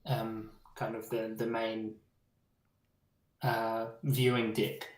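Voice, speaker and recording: A man with a New Zealand accent narrating a tabletop game as game master, relaxed and pausing with ums as he describes the scene. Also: lowish voice. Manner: relaxed, searching for words with ums. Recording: echoey room.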